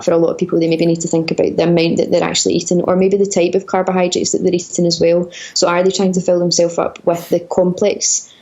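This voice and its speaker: Fast-talking flat-voiced woman dietitian. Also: fairly low pitch. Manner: explanatory, with frequent fillers and restarts. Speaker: dietitian guest. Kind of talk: conversational podcast interview.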